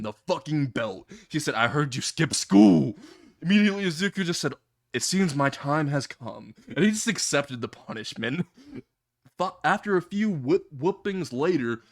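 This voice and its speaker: Man, comedic story narration, casual, swearing, giggling, slightly high pitch. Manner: laughs at own jokes, swears casually. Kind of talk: comedic fan-fiction storytelling.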